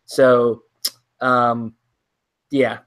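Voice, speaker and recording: A man's voice: mid-range voice, level tone, very slow, a bit bright. A man co-hosting a casual movie talk show, rambling and ranting with lots of ums and restarts. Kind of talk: casual chat.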